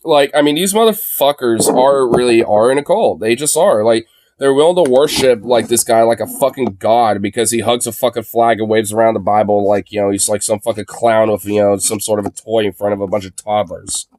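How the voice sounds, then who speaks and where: A man's voice: fairly low pitch, fairly quick, a little mellow, no room sound. Laughing, rambling male co-host. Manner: laughing, rambling, swears a lot. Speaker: co-host reacting to clips. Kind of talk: casual profane banter.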